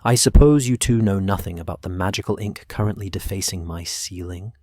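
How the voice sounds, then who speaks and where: A man's voice: sits low, brisk, a little mellow, no echo. A man playing Professor McGonagall, stern and Scottish. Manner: clipped, cold, commanding.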